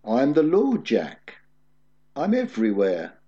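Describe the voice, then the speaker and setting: A man voicing God in a sermon story, speaking calmly and reassuringly. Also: mid-range voice, takes it slowly. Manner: calm and reassuring. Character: calm all-knowing voice of God. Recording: dull lo-fi recording.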